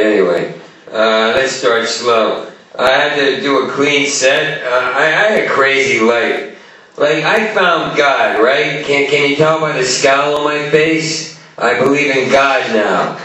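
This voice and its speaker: A man doing a profane, rambling stand-up set at a comedy club, swinging his pitch and volume abruptly. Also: a bit bright. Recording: echoey club from far off.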